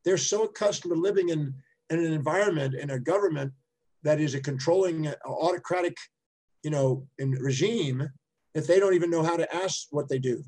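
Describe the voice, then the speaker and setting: A man's voice: on the high side, a little fast, darkish tone, low-quality recording. A middle-aged man giving an emphatic, conversational talk, telling anecdotes with frequent restarts. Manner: emphatic, repetitive restarts, storytelling. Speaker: speaker and teacher.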